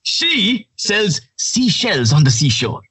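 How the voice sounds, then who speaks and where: A man doing an impression of a rugged male adventure presenter, slow and dramatic. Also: high voice, wildly swooping pitch, sharp tone, breathy edge, dry recording, voice pushed up, full character voice.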